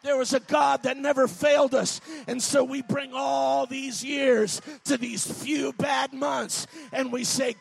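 A man preaching a fiery sermon in a church, shouting and exhorting with insistent repetition. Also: extremely high pitch, gravelly.

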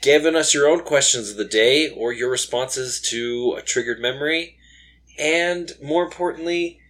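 A man's voice: mid-range voice, moderate pace, fairly bright tone. A young man co-hosting a casual late-night podcast, rambling with lots of fillers and restarts, a little tired. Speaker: podcast co-host.

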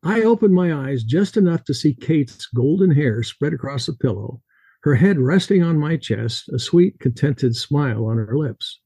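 Gravelly husky guy reading his book aloud, dry mic, kinda dark tone. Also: mid-range voice, no echo. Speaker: author, interview guest. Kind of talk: reading his novel aloud, then chatting.

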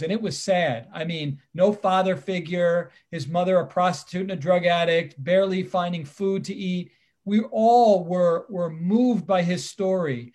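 Animated high-voiced man in his fifties. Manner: animated, emphatic storyteller who acts out the dialogue. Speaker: guest, criminal defense attorney. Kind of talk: personal storytelling in conversation.

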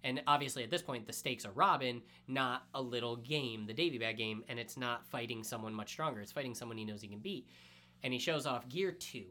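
A man co-hosting a podcast, excitedly retelling a story in casual chat and swearing freely. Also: medium pitch, a little fast. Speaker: podcast co-host. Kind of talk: casual anime recap chat.

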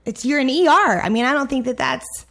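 Animated woman telling a story. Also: high-pitched, a little fast, gravelly. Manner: animated, acts out quoted voices. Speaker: podcast co-host. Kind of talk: casual storytelling chat.

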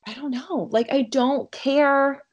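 Woman, 30s, casual podcast chat, slightly high voice, animated and easily heated. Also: takes it slowly, highs cut off. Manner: animated, lots of "like", gets heated.

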